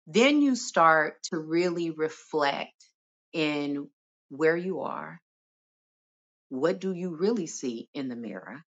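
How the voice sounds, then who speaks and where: A woman speaking as a self-love expert in a podcast interview, expressive and animated, sometimes dropping to a soft reflective tone. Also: mid-range voice. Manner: animated and expressive, acting out inner voices with laughs.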